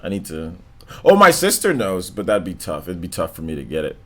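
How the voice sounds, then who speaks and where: A man hosting a live stream, chatting casually with viewers in a low, monotone, laid-back way, full of slang and filler words. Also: a little fast. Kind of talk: casual stream chat, reading donations and comments.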